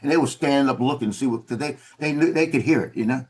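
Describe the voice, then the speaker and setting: A man talks over a video call. He tells a story in a relaxed, conversational way. He slips into the voices of the officers he quotes. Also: mid-range voice, fast talker, slightly rough. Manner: animated, acts out quoted officers. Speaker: former Marine telling a story.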